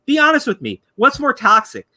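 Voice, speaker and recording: A man's voice: very high-pitched, wildly swooping pitch, sharp tone. A man hosting a commentary stream, ranting angrily and swearing heavily. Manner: angry, profane, rapid ranting. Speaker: YouTube commentary host.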